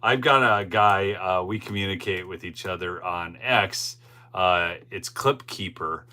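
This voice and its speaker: A man's voice: sits low, a little slow, bright, forceful tone. A man hosting a political livestream, talking casually and rambling as he keeps checking "okay?" with the audience. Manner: rambling and conversational, often tagging "okay?". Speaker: host of a political commentary livestream. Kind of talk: casual live commentary reading the chat.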